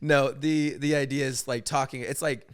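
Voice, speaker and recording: A man's voice: medium pitch, steady tone, normal speed, clean tone. A young man, a stand-up comedian and podcast co-host, in casual chat, often laughing as he retells his own jokes.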